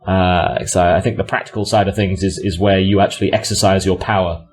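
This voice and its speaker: A man's voice: low voice, steady tone, brisk, soft background music. A man narrating as game master, rambling with fillers and self-corrections.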